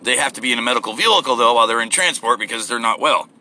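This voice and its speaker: A man's voice: medium pitch, lively intonation, racing, pushed and bright, a little hiss or hum. A man hosting his own podcast, rambling casually and profanely while driving to work. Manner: rambling, profane, self-deprecating. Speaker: podcast host. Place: in a vehicle.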